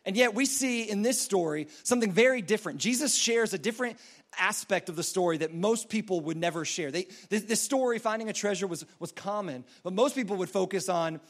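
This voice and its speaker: High-voiced man preaching casually. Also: a little fast. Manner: rambling and conversational, full of "like" and restarts; acts out quoted voices in a story. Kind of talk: casual storytelling sermon.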